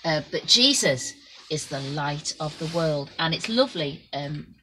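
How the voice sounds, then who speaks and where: A woman telling a Bible story to children in an expressive way, shifting between loud and soft. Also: low voice, measured pace, slight background noise, rough recording.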